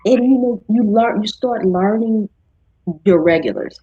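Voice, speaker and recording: Woman host, husky and low, chatty live-stream talker, dull dry audio. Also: measured pace, no room sound. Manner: chatty, animated when quoting others. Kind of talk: casual chat.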